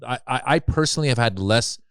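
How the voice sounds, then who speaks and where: In clean, echo-free studio audio, a middle-aged man with a mid-range, clear-toned voice talks quickly. He's a comedian appearing on a podcast, spinning lively anecdotes and doing impressions of everyone he quotes.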